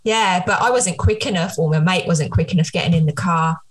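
A woman's voice: on the low side, fairly quick. Giggly woman chatting. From England. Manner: giggly, interjecting. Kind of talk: casual chat.

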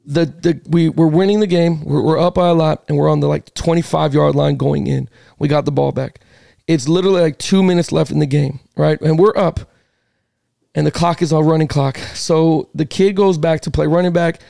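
A man hosting a casual coaches' roundtable podcast, telling stories excitedly and joking along the way. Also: on the high side, normal speed, creaky, no room sound, clean studio sound. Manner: excited storyteller, jokey asides. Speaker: podcast host.

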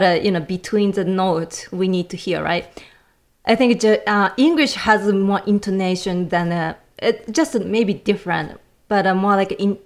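Japanese-accented woman searching for words. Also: mid-range voice. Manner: searching for words, many fillers. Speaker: guest cellist. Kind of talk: casual podcast chat.

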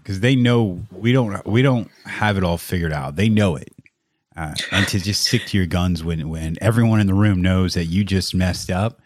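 A man's voice: sits low, normal speed, no room sound, studio quality. A man hosting a podcast, chatting casually and openly emotional with his guest. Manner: openly emotional, warm and conversational. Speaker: podcast host. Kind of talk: casual interview chat.

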